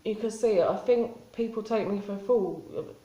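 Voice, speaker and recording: A woman talking in a spontaneous confessional vlog, halting and rambling with many restarts and fillers. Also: medium pitch, dark tone, echoey room, highs cut off. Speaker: vlogger.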